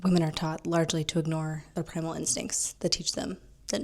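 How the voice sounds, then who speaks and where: A woman's voice: sits low, flat delivery, a little fast, gravelly. A woman casually retelling and commenting on a novel as a book reviewer, with asides.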